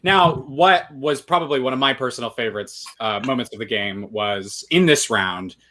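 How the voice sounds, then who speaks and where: Bright-voiced man hosting a podcast. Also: mid-range voice, normal speed, a little hiss or hum. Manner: enthusiastic, leads the questions. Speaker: podcast host. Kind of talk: casual podcast chat.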